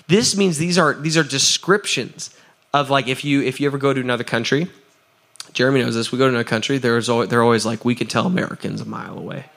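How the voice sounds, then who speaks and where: A man preaching a sermon as pastor, energetic and chatty, asking the crowd for answers and often adding "right?". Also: mid-range voice, fast. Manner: laughs often, repeats "right?".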